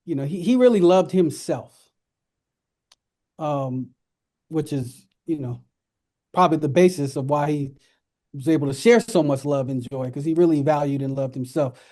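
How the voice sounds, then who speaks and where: A man hosting a radio talk show, speaking earnestly and reverently, with lively laughing stretches. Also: on the high side, moderate pace, long pauses. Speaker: radio host. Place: radio studio.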